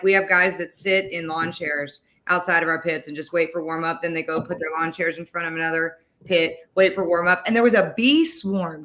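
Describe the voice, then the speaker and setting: Casting: woman co-host, animated storyteller, bright forceful tone. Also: on the low side. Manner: animated storyteller, swears casually. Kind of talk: casual podcast chat.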